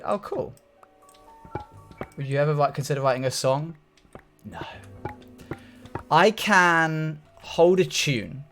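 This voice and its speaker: A young man streams from a room at home and talks casually with his viewers. He reads their comments aloud and tosses in jokey asides. Faint music plays behind his mid-pitched voice. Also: vocal fry. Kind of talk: casual live-stream chat.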